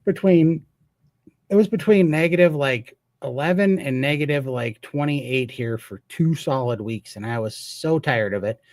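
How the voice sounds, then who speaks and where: An earnest, emphatic man from Montana hosts a live Q&A and talks like he is telling a story. His voice sits at a middle pitch, and the sound is dry and close. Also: normal speed, a little mellow, dry recording. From Montana, USA. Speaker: host. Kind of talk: live Q&A chat.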